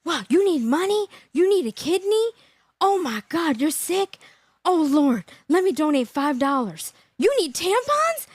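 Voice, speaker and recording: This is a high, squealing, gushing dupe who falls for every online sob story, as a woman mocks the type. The voice is sugary and breathless with delight. It stays very high and bright, on a dry close mic. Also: very animated, measured pace, no room sound, exaggerated voice. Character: gushing gullible person falling for an online scammer.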